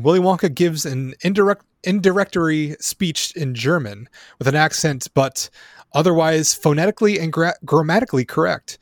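A man's voice: fairly high pitch, moderate pace, no room sound, clean studio sound. Man reading movie trivia, laughing. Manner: laughs often, reads trivia with fillers. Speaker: podcast co-host reading trivia notes. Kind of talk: casual movie discussion.

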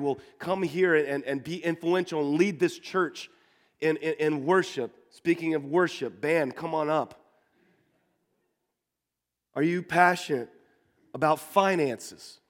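A man's voice: a little high, long reverb tail. A man preaching a sermon to his congregation as their pastor, earnest and repeating words as he builds his points. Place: church sanctuary.

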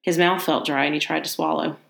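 A woman reading a horror story aloud in steady narration, now and then adding a casual aside of her own. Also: low voice, a little fast, creaky, roomy sound.

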